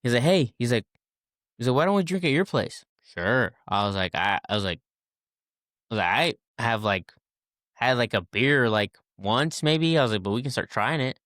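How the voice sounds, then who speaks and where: Low dry-voiced man telling a story. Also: normal speed, no echo. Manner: animated, acts out quoted people, many fillers and restarts. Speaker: podcast guest. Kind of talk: casual storytelling chat.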